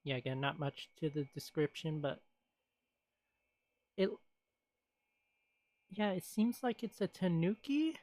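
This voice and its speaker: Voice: medium pitch, very animated, takes it slowly, pauses often, darkish tone, no echo. A streamer in casual stream chat, rambling along with frequent laughs and sighs.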